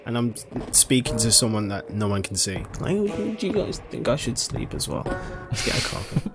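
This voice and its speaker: Brief: deep-set woman with wild pitch swings, over loud music. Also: sing-song, normal speed. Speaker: player. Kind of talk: casual tabletop play.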